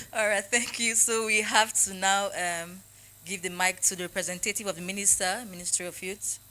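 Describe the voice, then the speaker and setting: Bright, playful Nigerian woman emcee. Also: mid-range voice, moderate pace, a little hiss or hum, poor audio. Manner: lively, joking emcee. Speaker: event convener and emcee. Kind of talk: hosting a forum.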